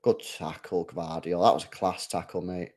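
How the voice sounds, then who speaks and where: Young man, low voice, casual rambling watchalong commentary. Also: steady tone, moderate pace, a little mellow. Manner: chatty slang-heavy fan talk, rambling with restarts. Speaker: football watchalong host. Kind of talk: casual live match commentary.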